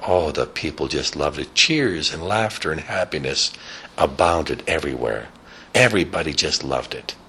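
A man telling a rambling, improvised story, animated, with sound effects and casual asides. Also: very deep voice, moderate pace, slight background noise.

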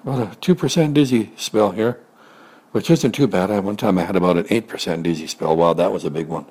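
A man voicing a confused, good-natured little pig in a storybook tale, talking in excited, fretful exclamations. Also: low-pitched, a little fast, breathy edge. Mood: dizzy, fretful.

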